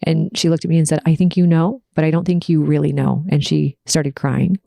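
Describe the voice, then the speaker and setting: A woman's voice: deep voice, flat delivery, a little fast, vocal fry, mellow. A woman hosting a podcast, telling a personal story in an earnest, emotional, confessional way. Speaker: podcast host.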